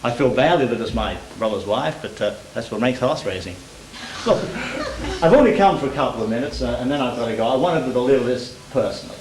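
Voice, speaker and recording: A gruff older brother whose voice swings up and down as he pushes money on his sibling, as an actor plays him on stage. The sound comes from across an echoing theatre with a faint hiss. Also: mid-range voice, animated, fast talker, far from the mic, lightly acted. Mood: blustering. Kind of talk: amateur stage play.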